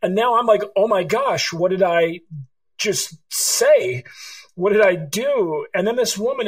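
Poor audio carries the high-pitched voice of a middle-aged Californian man. He's an author appearing as an interview guest, answering with stories told animatedly as he acts out the dialogue.

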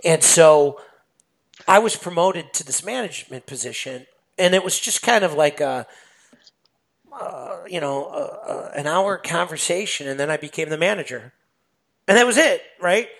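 A man's voice: fairly high pitch, moderate pace, creaky. A man guest on a podcast, a sales manager chatting casually and telling stories with lots of fillers. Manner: animated storytelling, many fillers.

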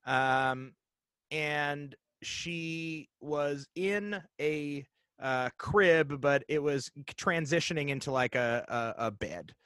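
A man in his thirties telling a ghost story in casual chat, animated and halting, with lots of fillers and restarts. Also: a little high, smooth, no echo.

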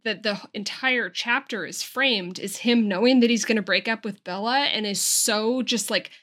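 Female podcast co-host, bright forward voice, mid pitch, thoughtful and articulate. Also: normal speed. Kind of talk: casual book discussion with read-aloud passages.

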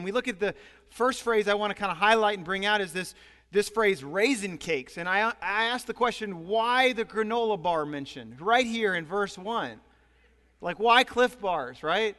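A male pastor preaching in an animated, storytelling manner. His voice is high for a man and carries a long hall reverb around it. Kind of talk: sermon.

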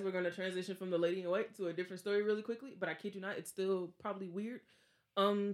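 A young woman hosting a podcast, casually telling a ghost story and acting out the other people's lines. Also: lowish voice. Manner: animated, acts out quotes with laughs. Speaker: podcast host.

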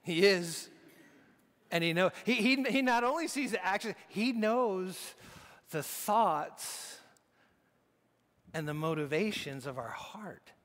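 A man's voice: high voice, animated, slow, long pauses, fairly bright tone, long reverb tail. A man preaching a sermon in a conversational way, often restarting his sentences. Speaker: pastor.

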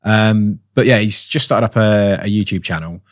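Tired, rambling bloke, low voice. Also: male voice, normal speed, no room sound, studio quality. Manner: rambling, lots of fillers and restarts. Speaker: podcast co-host. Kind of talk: casual chat.

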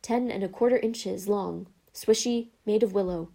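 A woman playing Ollivander, a soft-voiced old wandmaker. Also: mid-range voice, vocal fry. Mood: hushed. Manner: soft, slow, then suddenly excitable. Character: soft-spoken, eerie old male wandmaker.

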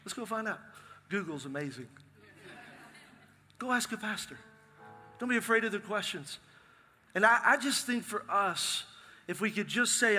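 A middle-aged male pastor, preaching a lively, joking sermon in a large church. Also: high-pitched. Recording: long hall reverb from a live sanctuary.

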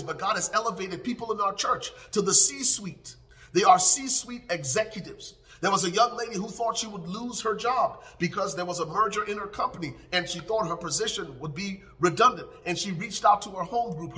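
A man preaching in a high, ringing voice that sits well above most men. His delivery is emphatic and repetitive, building phrases up before sinking into hushed prayer. The tone is bright and forceful throughout. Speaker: pastor. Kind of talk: sermon.

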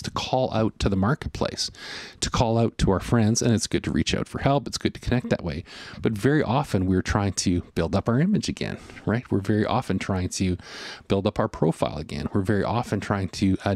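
A man's voice: on the low side, darkish tone, dry recording. A man preaching a sermon in an earnest, conversational way, often voicing inner thoughts. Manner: earnest, conversational, with fillers and voiced inner monologue. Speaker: pastor.

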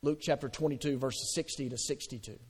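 A man's voice: mid-range voice, steady tone, brisk, darkish tone, slightly rough, in a large hall. A man preaching a sermon in a conversational way, asking the congregation questions and answering them. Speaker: pastor.

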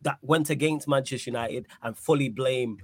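A man's voice: mid-range voice, normal speed, darkish tone. A man on a football live stream who argues his point firmly and asks and answers his own questions. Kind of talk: casual debate.

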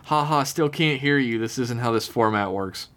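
A man's voice: medium pitch, moderate pace, a bit bright, lightly acted. A man reading as a chipper cadet cat. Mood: breezy. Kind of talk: reading a listener email aloud in character.

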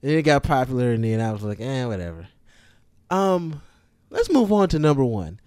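A man in casual, profane conversation about hip-hop songs, animated and given to building up his points. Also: medium pitch, a little fast. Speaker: podcast co-host.

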